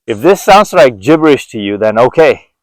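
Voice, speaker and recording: An earnest man in his forties muses aloud while out on a walk. He speaks at a middle pitch and often restarts his sentences. His voice comes across dry and close. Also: sing-song, moderate pace, no echo, poor audio. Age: 40s. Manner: earnest, reflective, with frequent restarts. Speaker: vlogger. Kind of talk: reflective walk-and-talk monologue. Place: outdoors on a walk.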